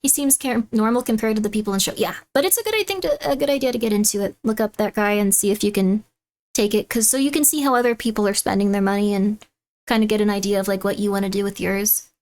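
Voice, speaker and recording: A woman live-streaming, chatting casually with her audience and reacting to videos. She is animated and laughs often. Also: fast talker. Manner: chatty and animated, laughs often, loud shrill bits when mocking someone.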